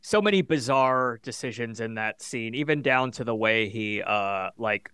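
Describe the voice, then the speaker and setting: Man, podcast guest, casual chat, halting with fillers, smooth voice, dry sound. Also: medium pitch, lively intonation, fairly bright tone, no room sound.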